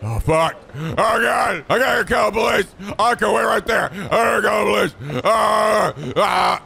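A man hosting a let's play, commenting with excitable, shouty, profane jokes. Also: high-pitched, unhurried, gravelly, hardly any pauses, husky. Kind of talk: gaming commentary.

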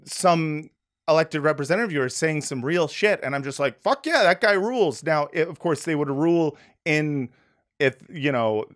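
A man's voice: fairly high pitch, moderate pace. Rambling, hesitant man hosting a podcast. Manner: rambling, hesitant, many fillers and restarts. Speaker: podcast host. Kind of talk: casual interview chat.

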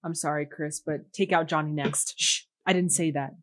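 A woman's voice: deep voice, expressive, moderate pace, a bit bright, faint music behind. Chatty young woman reacting to a film. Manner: chatty, exclamatory. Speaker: movie reaction host. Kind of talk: casual film reaction commentary.

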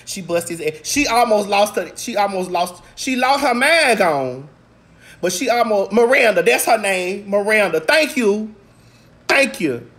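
Woman, vlog rant, animated, profane, shouts and mutters, stuffy nose, mid-pitched voice. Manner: talks straight to viewers. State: congested. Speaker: vlog host. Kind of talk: casual rant recapping a movie.

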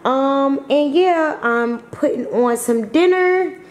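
A woman's voice: sits high, takes it slowly. A woman vlogging casually at home, chatty and slangy, laughing often. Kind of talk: casual vlog chat.

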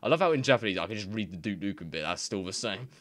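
Man, low voice, very animated pitch, giggly, reads text aloud, dry close mic. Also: rapid-fire, no echo. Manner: laughing, swearing, reading translations aloud in bursts. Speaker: gaming video creator. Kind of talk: casual reading-aloud commentary.

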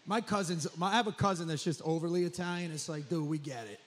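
A man from New doing a profane, rambling stand-up comedy set on a club stage. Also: on the high side. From New Jersey. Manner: profane, rambling, rapid riffing.

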